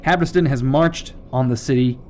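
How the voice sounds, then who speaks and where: A man's voice: mid-range voice, moderate pace, darkish tone, slight background noise. A man giving casual gameplay commentary, rambling off on jokey tangents with profane asides. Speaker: let's play commentator.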